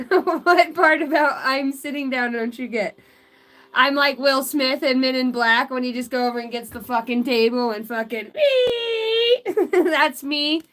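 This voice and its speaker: A woman's voice: high-pitched, normal speed, a bit bright. A woman doing a live tarot and oracle card reading, giggling often, swearing freely and chatting in asides to her spirit guides.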